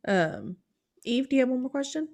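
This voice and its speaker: Woman hosting with a slightly high voice. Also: sing-song, normal speed, darkish tone. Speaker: host. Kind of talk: hosting a fan podcast interview.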